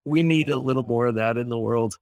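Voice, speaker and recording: A man's voice: medium pitch, fairly quick, a little mellow, dry recording, studio quality. A man, a psychologist guest on a podcast, talking in a casual, encouraging and upbeat way. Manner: encouraging, upbeat advice-giving. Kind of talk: casual interview chat.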